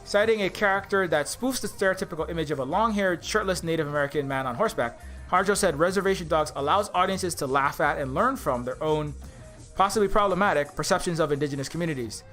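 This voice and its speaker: A man's voice: a little high, fast talker, bright, forceful tone, soft background music. A man from Hawaii giving earnest, rambling video commentary, reading quotes aloud as he goes. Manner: earnest, rambling, often restarts mid-thought. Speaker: indie game developer.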